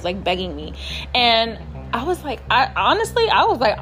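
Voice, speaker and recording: A woman's voice: a little high, sing-song, normal speed, fairly bright tone, faint music behind. A woman from New York City telling a personal story on her podcast, candid and profane, talking straight to her listeners. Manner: candid, profane, emphatic, addresses listeners as y'all. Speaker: podcast host. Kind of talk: casual storytelling monologue.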